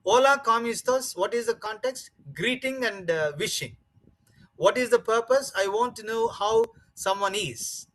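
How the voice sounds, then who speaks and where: A man leads a teacher-training session in a high voice. He talks emphatically, repeating key words over and over and filling pauses with "uh" and "you know". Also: poor audio. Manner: repetitive, emphatic, many fillers. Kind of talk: training lecture.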